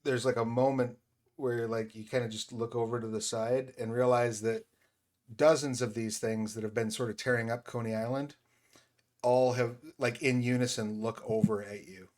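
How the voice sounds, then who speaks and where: A man's voice: mid-range voice, steady tone, moderate pace, darkish tone. A man running a tabletop game as game master, narrating loosely with many fillers. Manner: loose, filler-heavy, laughs easily.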